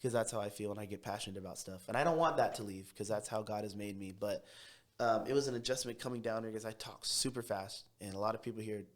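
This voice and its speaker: A young man from Tacoma, a podcast guest telling his story in a quick, brash, animated way. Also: lowish voice. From Tacoma, Washington. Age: young adult. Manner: fast, brash city talker who speeds up when excited. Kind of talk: casual storytelling interview.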